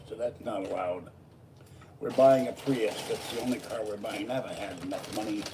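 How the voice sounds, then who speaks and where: Tired man, low mellow voice, rambling vlog chat, distant mic with faint background. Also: background noise. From Pittsburgh, USA. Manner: digressive, jumping from topic to topic. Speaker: vlogger. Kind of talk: casual rambling monologue.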